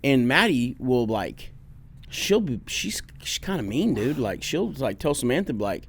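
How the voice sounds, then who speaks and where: A man co-hosting a podcast, telling family stories in a loose, profane, animated way. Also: medium pitch, unhurried, a little hiss or hum. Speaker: podcast co-host. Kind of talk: casual podcast chat.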